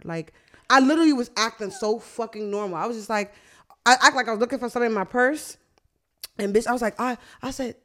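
A woman's voice: on the high side, fast. A young woman, a podcast host in casual chat, swearing freely and acting out quotes as she tells stories. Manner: animated storytelling, profane, acts out quotes.

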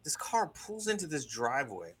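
A man telling a story in casual conversation, animated, with many restarts and asides. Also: a little high, moderate pace, breathy edge. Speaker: guest recounting a deliverance.

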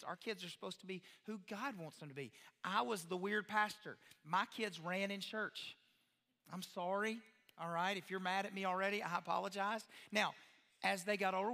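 Speaking to parents in a large hall, a high-voiced male pastor gives a lively talk in the manner of a sermon, performing the voices he quotes and putting questions to the crowd.

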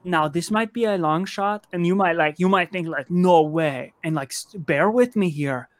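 A man's voice: on the high side, normal speed. A man playing a tabletop game online, talking casually and hesitantly, often repeating his words. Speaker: player.

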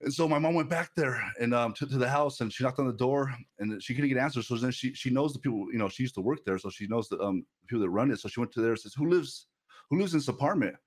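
A male pastor delivering a sermon at an ordinary middle pitch. He talks in a loose, conversational way, repeating words and restarting sentences as he tells personal stories, with a laugh now and then. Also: fast talker.

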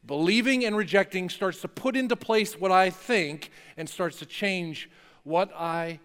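A male pastor from North New Jersey giving a conversational, lively sermon with playful asides in a church chapel. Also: high voice, measured pace, smooth. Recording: long hall reverb.

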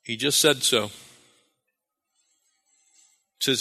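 A man's voice: mid-range voice, measured pace, bright, forceful tone, soft background music. A man preaching a sermon as pastor, calling for amens and repeating phrases for emphasis. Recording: long reverb of a hall.

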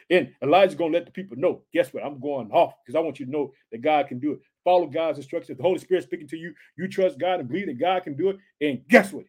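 Man, preacher, high voice, excitable, energetic scripture teaching. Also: husky. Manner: excitable, repeats catchphrases, drawn-out emphatic reading.

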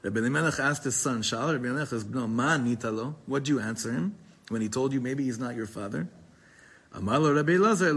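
A man gives a Torah class in a slightly husky voice, mid-range in pitch. He reads passages aloud, then breaks into chatty, roundabout explanation that often restarts itself. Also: quick pace, a bit bright. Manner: switches between reading Hebrew text aloud and casual English explanation; digressive, talkative, with frequent restarts. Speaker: Torah teacher.

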